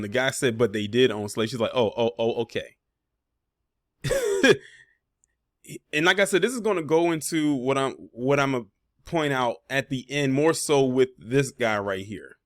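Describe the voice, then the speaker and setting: A man's voice: mid-range voice, expressive, normal speed, fairly bright tone, dry recording, clean studio sound. A man hosting a reaction commentary video, talking casually and pointedly, with sarcastic asides and frequent fillers.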